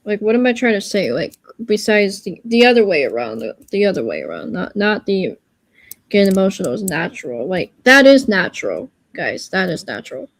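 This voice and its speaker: A woman's voice: medium pitch, very animated, a little fast, no room sound. A woman on a casual livestream giving an earnest, reassuring pep talk, rambling and searching for her words as she goes.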